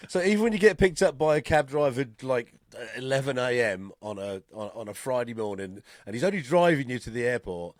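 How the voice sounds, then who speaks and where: A man's voice: medium pitch, expressive, a little fast, few pauses, dry recording, clean studio sound. An English man co-hosting a podcast, chatting casually, laughing often and swearing freely. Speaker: podcast co-host. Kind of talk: casual chat.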